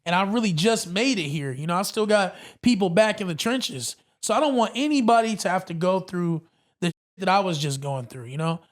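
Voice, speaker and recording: High-pitched guy on a podcast, animated storyteller, says bro a lot. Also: fairly quick. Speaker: podcast guest. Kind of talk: casual storytelling.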